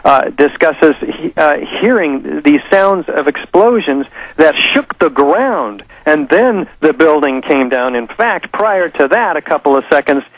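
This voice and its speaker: A man with a slightly high-pitched voice speaks as a guest on a talk radio show. He talks haltingly, stopping and restarting as he gathers his thoughts. The sound is dry and close. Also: animated, dry recording, poor audio. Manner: halting, with many fillers and restarts. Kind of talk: conversational radio interview.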